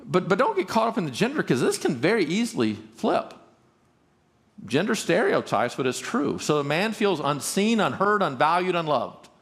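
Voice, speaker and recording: Man, conference speaker, very expressive pitch, quick restarts, acts out spouses. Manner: animated, acts out both spouses in quoted lines; repeats words in quick restarts. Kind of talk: conference talk on marriage.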